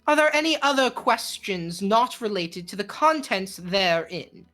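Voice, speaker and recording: A woman's voice: mid-range voice, animated, a bit bright, soft background music. A woman doing a coldly polite crime boss. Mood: businesslike. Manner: smooth, coldly polite, slow and deliberate. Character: menacing calm crime boss Draco Sunborn, man.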